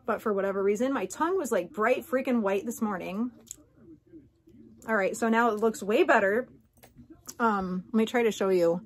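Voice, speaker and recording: A woman's voice: mid-range voice, normal speed, long pauses. A woman vlogger talking casually to her viewers, candid and rambling with many asides. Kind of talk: casual chat to camera.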